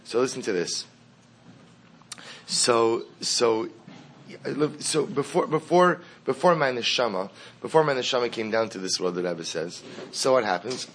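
A man's voice: medium pitch, unhurried, fairly bright tone, slight background noise. A man teaching a class, reading a Hasidic story aloud and translating it line by line, repeating words for emphasis as he explains. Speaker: Torah teacher.

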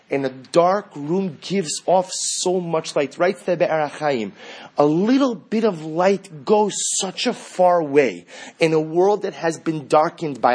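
Male rabbi, sermon delivery, slightly high and husky voice, explains religious sources and climbs loud and high when acting out quotes. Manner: reads Hebrew sources, then explains them in English; rises sharply in pitch and volume when acting out quotes. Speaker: rabbi teaching Torah.

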